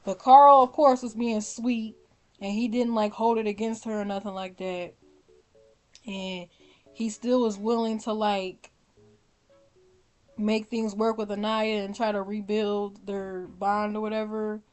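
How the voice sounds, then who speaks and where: A young woman vlogger giving casual, opinionated commentary, animated and blunt, often laughing and swearing. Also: mid-range voice, measured pace. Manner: animated, swears, laughs often, mimics her own reactions. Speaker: vlogger ranking reality show contestants.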